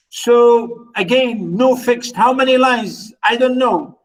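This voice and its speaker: Male lecturer with a high voice, repeats points and quizzes the class; recorded from across the room. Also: slow pace, few pauses. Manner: repetitive, rhetorical questions, many "you know"s. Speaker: literature lecturer. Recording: voice from far off the mic.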